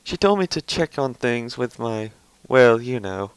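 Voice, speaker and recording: A man reading the lines of a refined, emotional female unicorn pony in a soft, genteel, earnest way, his voice smooth and clear. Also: mid-range voice, animated, measured pace, dry recording, lightly acted, rough recording. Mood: tender.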